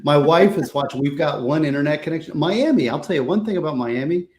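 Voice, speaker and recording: A man's voice: fairly high pitch, fast talker, darkish tone. A man chatting earnestly from home over a video call, talking with many restarts. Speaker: guest on a video call chat. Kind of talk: casual chat. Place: home, Miami. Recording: roomy echo.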